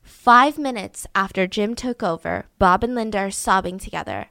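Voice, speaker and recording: A woman hosting a podcast, telling a true story in an animated way and acting out the voices. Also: medium pitch, normal speed, vocal fry, dry recording, clean studio sound. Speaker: podcast host. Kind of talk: storytelling true-crime narration.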